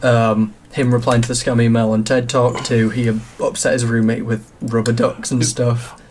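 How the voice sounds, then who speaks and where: A man's voice: medium pitch, flat delivery, moderate pace, darkish tone, a little hiss or hum. A man co-hosting a casual podcast chat, giving earnest opinions and tripping over his words now and then. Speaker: podcast co-host.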